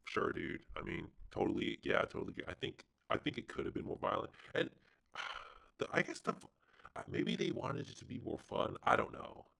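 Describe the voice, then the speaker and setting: A man's voice: fairly high pitch, huge pitch swings, moderate pace, gravelly, fairly bright tone, poor audio. A man co-hosting a podcast, chatting about films in a hesitant, crude, offhand way. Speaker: podcast co-host. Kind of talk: casual film discussion.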